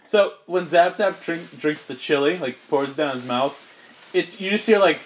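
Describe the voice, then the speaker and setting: A man's voice: a little high, normal speed. A man narrating as game master in a casual, slangy way, laughing often.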